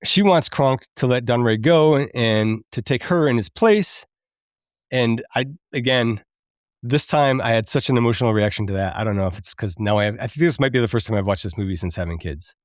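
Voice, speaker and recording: A man in his thirties hosting a podcast, chatty and quick to laugh as he recaps a film and admits it moves him. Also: mid-range voice, animated, no room sound, studio quality. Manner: chatty, laughs often, openly emotional. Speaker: podcast host.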